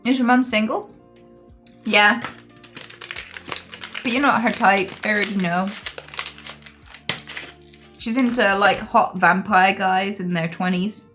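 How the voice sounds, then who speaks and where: A woman's voice: mid-range voice, slow pace, pauses often, a bit bright, faint music behind. A woman chatting candidly on a live stream, telling personal stories frankly. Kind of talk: casual live-stream chat.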